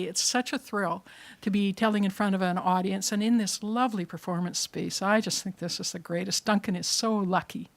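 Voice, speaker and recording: Brief: woman host, mid-pitched, chatty and gracious, wrapping up a small live event. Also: a little hiss or hum. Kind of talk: closing remarks and thanks. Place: small performance space.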